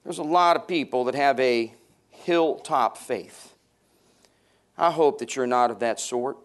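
A man's voice: medium pitch, a little slow. A pastor preaching a sermon to his congregation, stressing his points and repeating key phrases.

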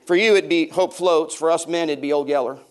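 A man's voice: a little high, fairly even intonation, brisk, a little mellow, slight background noise. A man in his fifties, a pastor preaching a sermon to his congregation, telling funny stories and bantering with the people in the pews. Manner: humorous, storytelling, banters with the congregation. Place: church before a congregation.

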